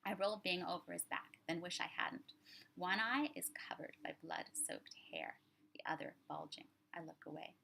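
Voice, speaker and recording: A woman author reading her own crime story aloud in measured, low-key narration. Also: vocal fry, sharp tone, slight background noise.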